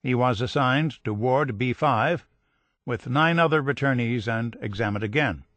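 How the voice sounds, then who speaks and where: A man reading a history audiobook in measured scripted narration, lifting his voice for quoted dialogue. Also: mid-range voice, a bit bright, no room sound. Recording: dry studio voice-over.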